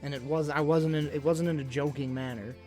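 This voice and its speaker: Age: adult. Sex: man. Pitch: fairly high. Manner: blunt, rambling storyteller. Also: fairly even intonation, a little fast, warm tone, soft background music. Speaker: livestreamer. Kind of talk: casual chat to a live stream audience.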